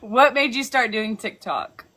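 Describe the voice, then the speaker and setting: A woman's voice: a little high, animated, unhurried, sharp tone. A woman interviewing a guest, asking questions and giving short encouraging replies. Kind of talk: casual interview.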